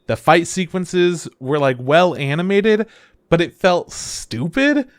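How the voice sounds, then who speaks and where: A man's voice: fairly high pitch, expressive, slow pace, dry recording, clean studio sound. A man co-hosting a podcast in casual chat, blunt and opinionated, often acting out what others said. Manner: blunt, opinionated, acts out quotes. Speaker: podcast co-host.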